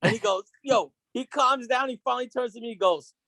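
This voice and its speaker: A man's voice: very high-pitched, fairly quick, vocal fry, sharp tone, no room sound. A man co-hosting a podcast, telling profane stories in casual chat and laughing often. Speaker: podcast co-host.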